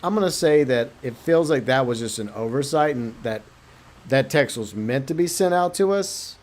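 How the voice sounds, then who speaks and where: A man hosting a game stream, chatting and speculating about the story in a thoughtful, halting way. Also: mid-range voice, expressive. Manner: thoughtful, speculating, many restarts. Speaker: streamer host. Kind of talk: casual gaming chat.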